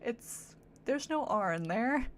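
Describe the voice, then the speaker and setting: A woman's voice: on the high side, expressive, slow pace. A woman streamer giving casual, playful commentary on a game, teasing and swearing.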